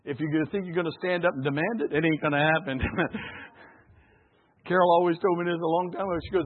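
Folksy preacher, husky and high. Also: male voice, a little fast. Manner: folksy, animated, calls for audience responses, laughs often. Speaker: pastor. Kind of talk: sermon. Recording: phone-like narrow band.

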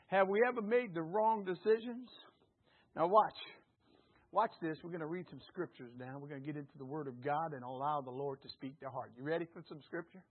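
A man preaching a sermon with call-and-response, jokes and an earnest, hushed prayer. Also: a little high, a little fast, slightly rough. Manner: call-and-response, jokey and lively. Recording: tinny phone-like lo-fi sound.

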